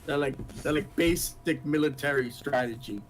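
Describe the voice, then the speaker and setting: During casual tabletop game chat, a male player thinks aloud, hesitating and often restarting his sentences. His voice is on the high side at a normal speed, with slight background noise.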